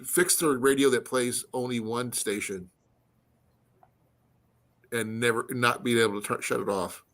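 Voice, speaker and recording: A man's voice: mid-range voice, a little slow, a bit bright. A man hosting a casual livestream chat, joking around and sometimes hunting for the right word. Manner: joking, searching for words. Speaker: livestream host.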